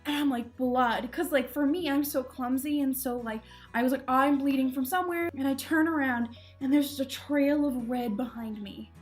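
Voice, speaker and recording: A woman's voice: high voice, moderate pace, hardly any pauses, soft background music. A young woman casually telling embarrassing travel stories to camera, chatty and self-deprecating, laughing often. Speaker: vlogger.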